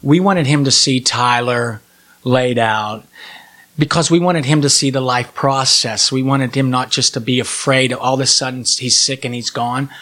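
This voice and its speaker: A man's voice: medium pitch, normal speed, bright, forceful tone. A man in his forties, sharing a heartfelt personal testimony as a podcast guest, earnest and emotional, with frequent restarts.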